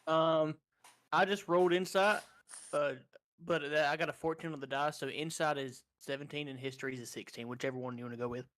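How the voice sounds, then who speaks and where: A man's voice: on the high side, fairly even intonation, a little fast, a bit bright. A man playing a paladin in a tabletop game, talking hesitantly with many fillers. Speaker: player. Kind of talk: tabletop role-play.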